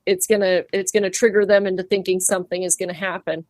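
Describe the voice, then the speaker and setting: Brief: animated woman expert guest, mid pitch, dry close recording, lively asides. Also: quick pace, no room sound. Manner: animated, acts out quoted voices, laughs easily. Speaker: farrier and pig trimmer. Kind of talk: casual interview talk.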